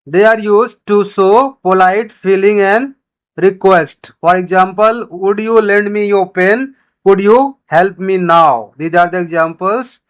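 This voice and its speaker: Slow, high-pitched male teacher with an Indian English accent, repeats his examples, patient classroom delivery. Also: a bit bright, low-quality recording. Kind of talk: grammar lesson.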